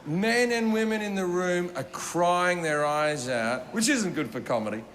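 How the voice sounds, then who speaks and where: A man tells a stand-up story with a slightly high voice, swearing freely and acting out each moment. It is a live show recording with clear background noise underneath. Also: unhurried. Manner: profane, animated, acts out scenes. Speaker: stand-up comedian.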